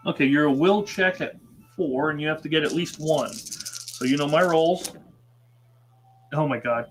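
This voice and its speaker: A man's voice: fairly high pitch, normal speed, slightly rough, faint music behind, poor audio. Man reading out a board game. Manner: reads card text aloud, laughs often. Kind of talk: casual tabletop game livestream.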